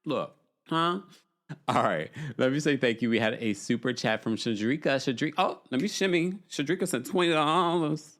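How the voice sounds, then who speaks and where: A man hosting a live stream, reading super chats and answering callers in a sassy, animated way with laughing asides. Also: mid-range voice, moderate pace. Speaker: host. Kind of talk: live-stream chat reading fan comments.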